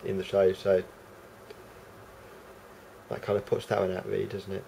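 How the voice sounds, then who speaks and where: A man's voice: sits low, monotone, normal speed, gravelly, mellow, a little hiss or hum, low-quality recording. A man with a London accent rambling unscripted to camera, hesitant and full of fillers. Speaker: vlogger. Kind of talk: casual unscripted monologue to camera.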